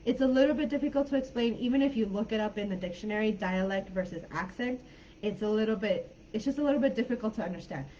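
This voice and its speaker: A woman's voice: mid-range voice, fast talker, warm tone, highs cut off, a little hiss or hum. A woman with an American accent teaching an English class online, explaining patiently with lots of fillers.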